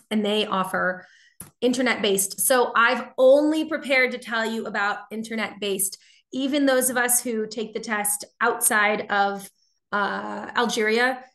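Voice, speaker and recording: A woman's voice: mid-range voice, fairly bright tone. A woman from Boston with a neutral General American accent, teaching a live online lesson in a chatty way and answering viewer questions as she goes. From Boston, United States. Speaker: TOEFL teacher.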